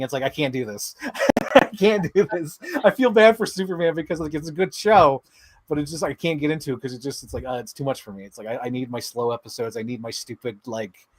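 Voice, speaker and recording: A man's voice: medium pitch, quick pace, dry recording. A man co-hosting a podcast, rambling enthusiastically about shows with lots of filler words. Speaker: podcast co-host. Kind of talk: casual chat.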